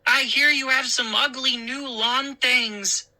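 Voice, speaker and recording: A woman's voice: sits high, steady tone, slow pace, bright, forceful tone, voice pushed up, heavily acted. A woman voicing a boisterous, teasing boy in a storybook reading. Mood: rowdy. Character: chubby rowdy boy, loud show-off.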